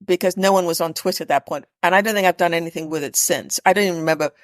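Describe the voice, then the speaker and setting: A woman's voice: fairly low pitch, racing, no echo. A woman, an executive coach, asking questions on a video call and thinking aloud, hesitant and self-correcting.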